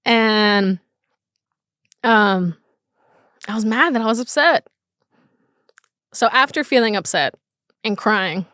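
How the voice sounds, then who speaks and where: A woman's voice: medium pitch, a bit bright, clear, resonant tone, no room sound, clean studio sound. A woman hosting her own podcast, telling a personal story in a candid, casual way, swearing often and restarting her sentences. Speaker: podcast host.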